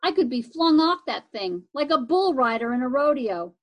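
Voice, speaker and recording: A woman's voice: high voice, sing-song, normal speed. Woman doing a friendly, helpful kid. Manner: warm and encouraging.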